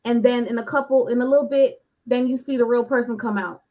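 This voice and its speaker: A woman in a casual podcast debate with a somewhat high voice. She presses her point insistently and restarts her sentences as she argues. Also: steady tone, brisk, a little mellow. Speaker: podcast co-host. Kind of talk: casual discussion.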